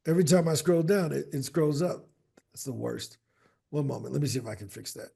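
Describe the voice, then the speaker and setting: A man's voice: fairly high pitch, lively intonation, brisk, gravelly, mellow, breathy edge. A man in casual video call chat, upbeat and walking someone through his screen share. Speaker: speaker platform representative.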